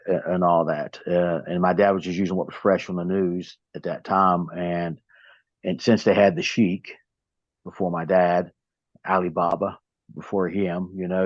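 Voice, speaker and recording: As a guest in a casual interview, a Southern pro wrestler in his fifties spins rambling stories full of restarts, his deep voice carrying an American South accent. The recording is dry and dull, with a lo-fi quality.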